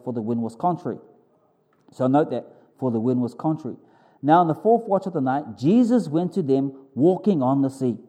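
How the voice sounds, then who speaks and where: A pastor preaching a sermon in an informal, animated way, telling stories vividly and breaking off for quick self-corrections. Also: male voice. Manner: animated, vivid storytelling with sudden high exclamations.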